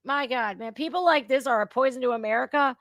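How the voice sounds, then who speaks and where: High-voiced woman ranting angrily. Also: quick pace, a bit bright, no room sound, clean studio sound. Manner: angry, profane, emphatic. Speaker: reaction channel host. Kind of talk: heated political rant.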